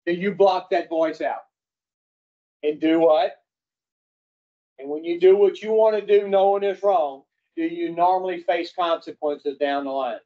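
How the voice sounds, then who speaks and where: Man, high for his sex, blunt folksy recovery group speaker; dull lo-fi recording. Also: measured pace, long pauses, warm tone. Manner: folksy, blunt, swears, quizzes the audience. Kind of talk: casual teaching talk to a group.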